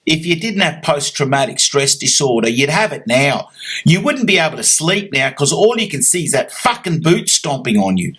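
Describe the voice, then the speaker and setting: A host speaks bluntly and reassuringly, swearing freely. His voice is husky, lively in pitch, and a little high for a man. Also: normal speed. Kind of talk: interview.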